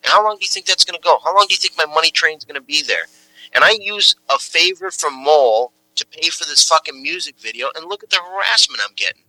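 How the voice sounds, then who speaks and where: A man's voice: on the high side, animated, fast, bright, forceful tone, no echo, low-quality recording. A man in an improvised comic argument, coaxing and lecturing another man.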